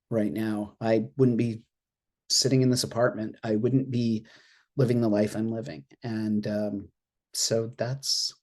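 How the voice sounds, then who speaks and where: Speaking from her apartment over a video call, an interfaith minister who serves as board treasurer joins an alumni panel. Her mid-range voice stays casual and chatty, full of laughs and little acted-out reactions delivered as quoted asides.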